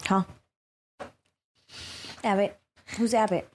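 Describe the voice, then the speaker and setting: A woman's voice: medium pitch, fairly even intonation, takes it slowly, slight background noise. A woman co-hosting a casual livestream, cheerfully reading donation messages aloud.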